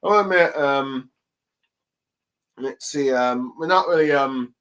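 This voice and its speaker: A young man casually recapping a comic chapter on his own, halting often with ums and let's sees. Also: medium pitch, a bit bright, poor audio. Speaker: chapter reviewer. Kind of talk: casual solo commentary.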